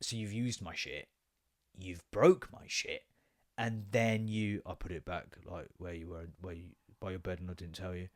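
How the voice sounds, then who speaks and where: A man's voice: low-pitched, steady tone, moderate pace, fairly bright tone. A man, a podcast host telling an exasperated, sweary story about his kids. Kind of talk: casual ranting monologue.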